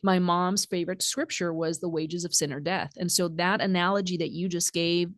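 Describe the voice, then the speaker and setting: A woman's voice: on the low side, steady tone, moderate pace, no room sound, studio quality. A woman on a faith podcast, reflectively sharing her own upbringing in casual conversation. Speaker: podcast co-host.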